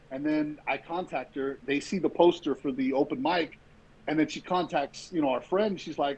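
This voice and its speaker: A man's voice: fairly high pitch, moderate pace. A man who hosts a comedy podcast, telling a story casually and acting out what people said. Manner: animated storyteller, acts out quoted dialogue. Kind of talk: casual chat. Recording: dull lo-fi sound with faint noise.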